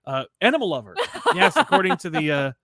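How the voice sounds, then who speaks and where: A man co-hosts a casual comic-book chat, reading out viewer messages and breaking into quick acted-out lines. His voice sits a little high for a man and is recorded dry and close in a small studio. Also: no room sound. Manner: animated, acts out characters in quick asides, many restarts. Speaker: co-host reading viewer super chats. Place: rented studio.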